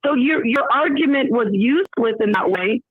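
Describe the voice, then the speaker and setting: A woman's voice: on the high side, expressive, moderate pace. A woman in a heated call-in debate, insistent and pushing to be heard, quoting scripture as she argues. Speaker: debate guest. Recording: tinny phone line.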